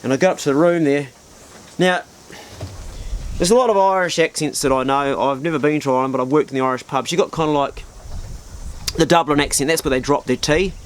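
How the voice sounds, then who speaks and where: A man's voice: on the high side, fairly quick, pauses often, a little hiss or hum. A middle-aged man telling a vivid, profane personal story in a casual spoken style. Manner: colourful, vivid, swears freely. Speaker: storyteller, channel host.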